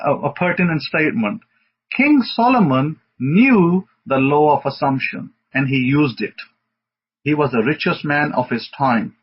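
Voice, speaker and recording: A man's voice: a little high, expressive, measured pace, slight background noise. A man, a rabbi, giving an informal teaching sermon in a conversational, rambling way with fillers. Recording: dull lo-fi audio.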